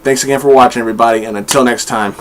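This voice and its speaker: A man's voice: medium pitch, fairly even intonation, rapid-fire, a little hiss or hum. A man giving a casual comic book review, enthusiastic and swearing freely, acting out the dialogue he quotes.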